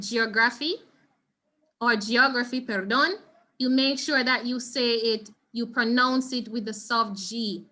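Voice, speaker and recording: Bright high-voiced Jamaican woman teaching. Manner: patient, instructive, checks in with "all right?". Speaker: Spanish teacher. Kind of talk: online exam revision lesson. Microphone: video call.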